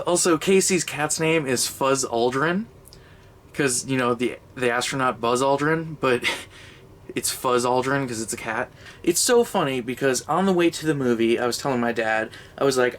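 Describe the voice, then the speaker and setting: A man's voice: mid-range voice, fairly bright tone, slight background noise. A young man giving a casual, rambling comedic movie review, sarcastic and sweary, laughing as he goes.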